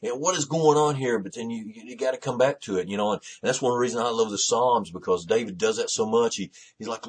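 A man's voice: mid-range voice, lively intonation, quick pace, slightly rough. A man preaching a sermon in a conversational, repetitive way, with many restarts, who rises to fervent emphasis.

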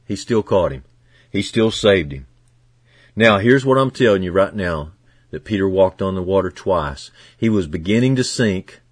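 A male pastor delivers a sermon in a lowish voice, earnest and heartfelt. He drops to near-quiet, then builds to loud, emphatic declarations. The sound is dry and close, with no room echo. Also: breathy edge. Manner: earnest preaching that swings from hushed to loud and emphatic.

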